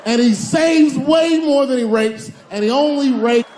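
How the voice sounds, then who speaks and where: A man telling a comic anecdote in a laughing, animated way. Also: very high voice, measured pace. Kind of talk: comic storytelling. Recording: echoey, noisy and distant.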